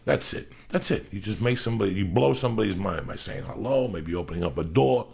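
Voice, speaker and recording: Podcast host, man in his fifties: gravelly, low, profane, ranting and then shouting. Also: expressive, fast talker. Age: 50s. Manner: loud, swearing, swings into shouting bursts. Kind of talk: loose profane podcast rant.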